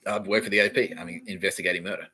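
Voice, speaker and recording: A man's voice: deep voice, fairly even intonation, rapid-fire, sharp tone, husky, low-quality recording. A man hosting a podcast, rambling through a comedic monologue, laughing often, swearing and acting out quoted exchanges. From Australia. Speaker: podcast host.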